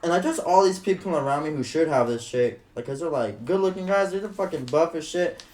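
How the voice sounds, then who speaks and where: Podcast guest, man, slightly high voice, lively swearing storyteller, roomy echo. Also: brisk, slight background noise. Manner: animated, swearing, acts out quotes. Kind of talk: casual storytelling.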